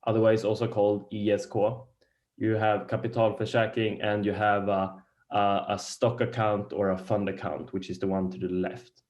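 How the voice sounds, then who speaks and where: A man whose first language is Swedish gives a beginner lecture on investing, pausing often and searching for words. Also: lowish voice, darkish tone. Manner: halting, searches for words, many restarts. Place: lecture room.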